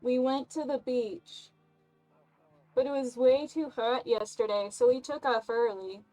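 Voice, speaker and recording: A woman's voice: fairly high pitch, fairly even intonation, measured pace, soft background music, natural voice, rough recording. Woman doing a chatty young caller on the phone. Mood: upbeat. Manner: upbeat, loud phone chatter. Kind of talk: game voice acting.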